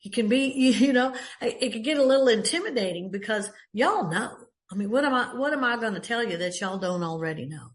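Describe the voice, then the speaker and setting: An older Texan woman talks to a recovery meeting in a warm, folksy drawl. She rambles a little, with many fillers and false starts, like she's chatting with friends. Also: fairly high pitch, lively intonation, brisk, hardly any pauses. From Texas. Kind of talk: personal share at a meeting.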